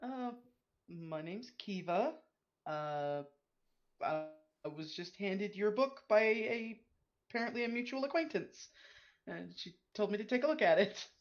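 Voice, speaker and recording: A woman's voice: medium pitch, expressive, a little slow, highs cut off. A woman playing a tabletop game in character, hesitant and unsure with many fillers. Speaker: player.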